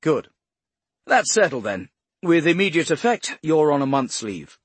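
A curt, businesslike director gives orders without preamble, as a male narrator puts him on. The voice is husky, close and dry. He speaks firmly and evenly. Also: a little high, big pitch swings, no room sound, pitched above the performer's own voice, full character voice. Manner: brisk and matter-of-fact. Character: calm, brisk male intelligence director on the phone.

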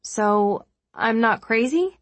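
Woman reading as nervy flight attendant lady, worried, kinda breathy, second-guessing herself. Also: a little high, expressive, no room sound, voice pushed up, heavily acted. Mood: anxious. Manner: worried, self-doubting, halting. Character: anxious, frayed adult woman flight attendant.

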